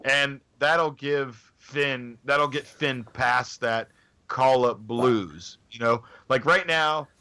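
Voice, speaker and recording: Bright-voiced man on a chat podcast. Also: mid-range voice, slow pace. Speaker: podcast co-host. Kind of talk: casual chat about wrestling.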